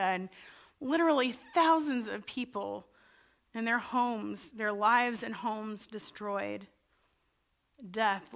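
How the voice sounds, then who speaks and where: A woman pastor delivers a sermon in a plain, conversational way. Her voice sits a little high for a woman. It climbs and grows louder whenever she voices a plea or a doubt. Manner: earnest and conversational, voice rising for quoted pleas to God.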